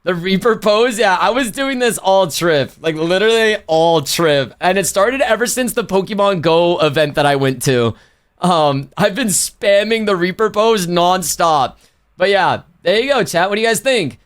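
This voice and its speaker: High-voiced rambling male streamer. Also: animated, normal speed. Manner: rambling, slangy, self-correcting. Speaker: livestreamer. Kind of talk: casual chat to a stream chat.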